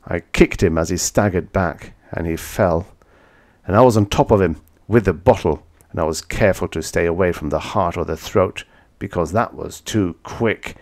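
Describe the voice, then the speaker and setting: A man's voice: deep voice, moderate pace, a little mellow. A man narrating a vintage science fiction audiobook in the first person, with dramatic, intense storytelling.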